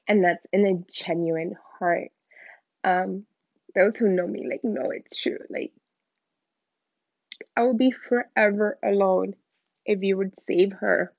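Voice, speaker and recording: A woman's voice: medium pitch, slow, pauses often, no room sound. A woman giving a candid, emotional personal faith testimony in informal, slangy speech. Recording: dull lo-fi dry recording.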